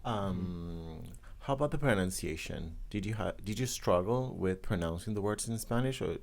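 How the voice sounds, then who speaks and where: A man with a very deep voice that swings widely in pitch as he interviews a guest. He talks in a lively, animated way, laughs often and pauses on fillers. The talk stays casual and friendly. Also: gravelly. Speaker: interviewer, English teacher. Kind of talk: casual interview about pronunciation.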